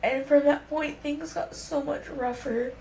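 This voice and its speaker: Young woman, gravelly voice, slightly high, candid storytelling, casual swearing, echoey room, faint hum. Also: fairly even intonation, a little slow, a little mellow. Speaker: podcast guest. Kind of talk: personal storytelling conversation.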